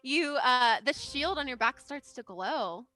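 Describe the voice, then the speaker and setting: A woman's voice: high voice, animated, a little slow. A woman narrating as game master of a tabletop game, chatty and giggly with many fillers.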